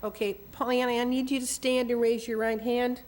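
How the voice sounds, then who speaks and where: A woman chairing a town commission meeting, brisk and procedural as she runs motions and swears in speakers. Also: a little high, level tone, a little mellow.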